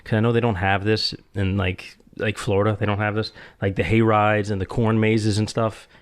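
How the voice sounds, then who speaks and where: A man's voice: lowish voice, level tone, moderate pace. A man hosting a casual podcast chat, telling rambling stories full of "like" and laughing often. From US Northeast. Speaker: podcast host.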